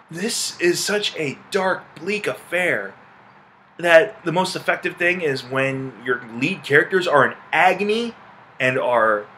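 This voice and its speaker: A man reviewing a film in a casual, animated way, exasperated and swearing, with laughing asides. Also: fairly high pitch, a little hiss or hum. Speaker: movie reviewer.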